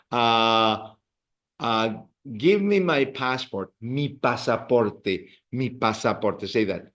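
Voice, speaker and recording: A man's voice: mid-range voice, slow pace, fairly bright tone. A man teaching a beginner Spanish class, patiently repeating words and phrases for his learners. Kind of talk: beginner language lesson.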